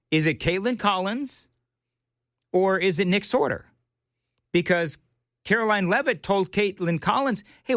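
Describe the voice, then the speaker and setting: A man's voice: high-pitched, a bit bright, no echo, studio quality. A male talk radio host delivering an indignant, opinionated monologue with mocking asides. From United States. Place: radio studio.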